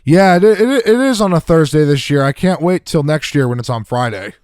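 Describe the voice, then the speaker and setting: A man hosting a casual chat, his voice fairly high and very lively in pitch. He sounds friendly and agreeable, and the recording is dry and close. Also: brisk, no room sound. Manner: friendly, agreeable, laughs along. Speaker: host.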